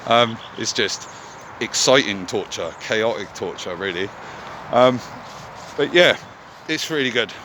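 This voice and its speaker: A man's voice: on the low side, animated, a little slow, background noise. A man vlogging in a candid, casual monologue, swearing often as he talks.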